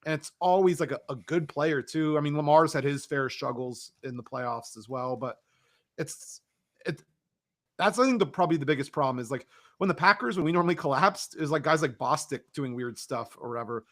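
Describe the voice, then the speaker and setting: A man co-hosting a podcast, talking through sports in a steady, analytical, casual way. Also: a little high, a little fast. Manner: steady, analytical, rambling fan commentary. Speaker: podcast co-host. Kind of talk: casual chat.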